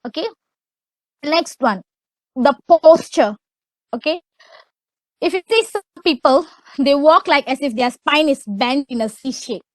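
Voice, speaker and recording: Loud, high Malaysian woman. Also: expressive, measured pace, long pauses, no room sound, low-quality recording. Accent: Malaysian English. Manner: loud, emphatic, repeats "okay". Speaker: webinar speaker. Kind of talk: motivational talk.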